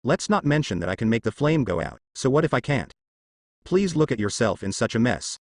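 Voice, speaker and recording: A man reading a storybook voices a calm young man who mocks and lectures his enemy. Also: medium pitch, a little fast, no echo, clean studio sound. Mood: scornful. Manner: mocking, lecturing. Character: calm mocking young man, coolly scornful.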